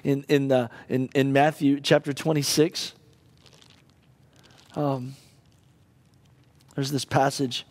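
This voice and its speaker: A male pastor preaching a sermon and telling a personal story, halting and emotional with many restarts. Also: mid-range voice, little pitch movement, dry recording.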